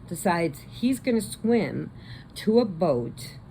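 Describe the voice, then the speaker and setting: A woman casually retelling a movie plot, chatty, slipping into quick voices for the characters. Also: lowish voice, big pitch swings, vocal fry, warm tone, a little hiss or hum. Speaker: crochet vlogger.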